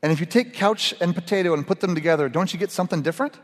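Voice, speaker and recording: A man's voice: high voice, racing. A middle-aged man giving a casual, humorous sermon to a group. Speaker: pastor. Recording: echoey hall reverb.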